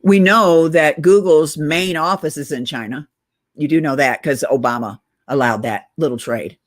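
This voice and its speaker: A woman's voice: low-pitched, normal speed. Breathless woman ranting to her viewers. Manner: urgent, conspiratorial, addresses viewers as guys. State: short of breath, on oxygen. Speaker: political video blogger. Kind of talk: casual direct-to-camera rant.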